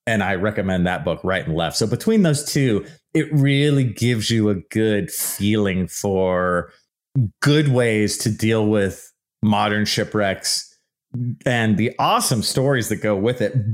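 Animated low-voiced male podcast host. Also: measured pace. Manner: animated, acts out mock quotes in goofy voices. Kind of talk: casual solo podcast talk.

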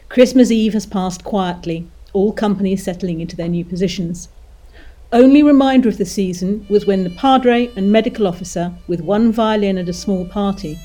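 A woman co-hosting a history podcast, chatting playfully and reading wartime diary entries aloud. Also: medium pitch. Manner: lively, jokey banter; reads war diary entries. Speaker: podcast co-host.

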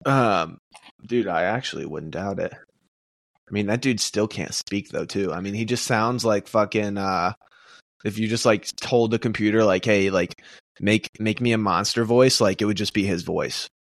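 A man co-hosting a podcast, chatting in loose, excitable banter with his friends. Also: lowish voice, normal speed, gravelly, no room sound, clean studio sound. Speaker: podcast co-host. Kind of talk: casual chat.

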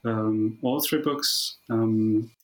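A man who is a guest author on a podcast, speaking in a hesitant way with many pauses and ums. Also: lowish voice, steady tone, poor audio. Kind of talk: casual interview talk.

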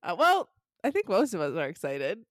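A woman's voice: lowish voice, huge pitch swings, normal speed, a bit bright, no room sound, studio quality. Sick, sniffly woman hosting a podcast. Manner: giggly, candid and chatty. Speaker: podcast host. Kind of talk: casual chat.

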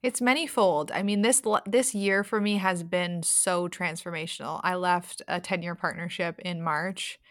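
A woman, a sex coach, chatting as a podcast guest and telling animated stories with frequent laughter. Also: fairly low pitch, normal speed, few pauses, no echo. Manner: animated storyteller, laughs often. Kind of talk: casual podcast chat.

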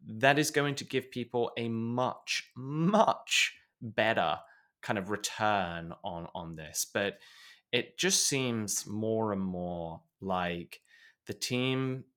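A man co-hosting a podcast and giving casual news commentary, animated and exasperated, leaning on emphatic points. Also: on the low side, slow. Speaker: podcast co-host.

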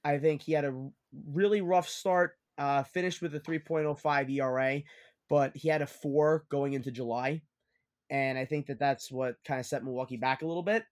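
A man's voice: fairly high pitch, steady tone, normal speed. Young man hosting casual sports chat. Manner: talkative, leads the segments, bold picks. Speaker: podcast host.

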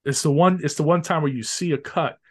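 A man hosting a podcast, chatting casually and excitedly about a film, swearing freely and often restarting his sentences. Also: on the high side, brisk. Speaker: podcast host.

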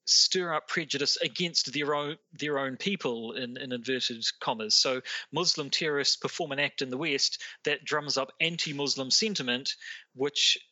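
Nz guy cohosting a podcast, super bright tone, keeps restarting his sentences. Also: mid-range voice, normal speed, no room sound. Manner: restarts and repeats words often. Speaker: podcast co-host. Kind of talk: casual discussion.

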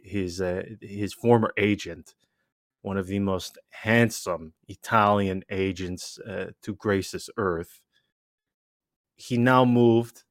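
A man's voice: lowish voice, no room sound, studio quality. A man co-hosting a casual podcast, rambling through asides and restarts with emphatic energy. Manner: animated and emphatic. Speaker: podcast co-host.

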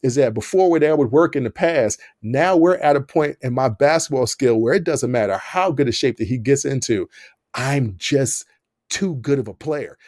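A young man hosting a podcast, telling a story in a casual, animated way, laughing often and acting out what people said. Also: mid-range voice, moderate pace, dry recording, studio quality. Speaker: podcast host.

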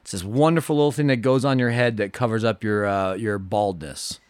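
A man's voice: lowish voice, fairly quick, a little mellow, clear, resonant tone, no room sound, clean studio sound. A man co-hosting a casual movie podcast, tossing in jokey asides and wisecracks. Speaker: podcast co-host.

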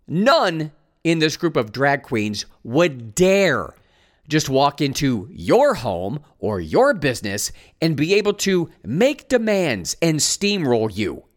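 A man's voice: a little high, big pitch swings, slow. A man hosting a commentary show, reading news items aloud and mocking them with sarcastic asides. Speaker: host.

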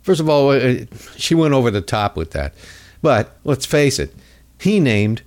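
Animated, mocking male ranter. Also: medium pitch, a little slow. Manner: mocking, rambling, jumps into voices. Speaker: host. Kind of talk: comedic political rant.

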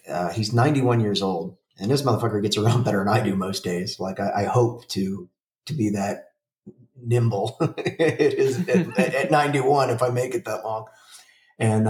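A man's voice: on the low side, darkish tone, reverberant, recorded from a distance. A man in his forties, a podcast co-host, chatting casually in a rambling, profane way with lots of fillers and restarts. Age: 40s. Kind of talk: casual chat.

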